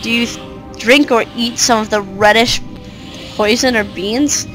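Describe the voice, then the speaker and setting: A woman reading out an ancient, scornful mother of darkness in a game, haughty and mocking. The voice is fairly high. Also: a little slow, a bit bright, faint music behind, low-quality recording. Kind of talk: reading game dialogue aloud.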